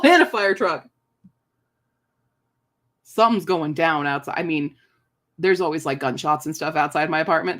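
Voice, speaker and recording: A woman live streaming from her apartment, chatting casually and playfully and slipping into joke accents. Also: fairly low pitch. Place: home apartment, indoors.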